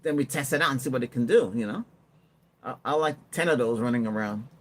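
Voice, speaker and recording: A man's voice: medium pitch, fast. A man hosting a tech livestream, chatting casually and rambling while he answers viewer comments and laughs often. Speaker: livestream host.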